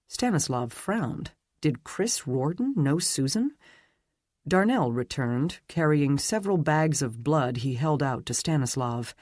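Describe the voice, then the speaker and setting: A man narrating a dark fantasy romance audiobook in a steady, even reading. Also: a little high, unhurried, no echo, studio quality. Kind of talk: scripted narration.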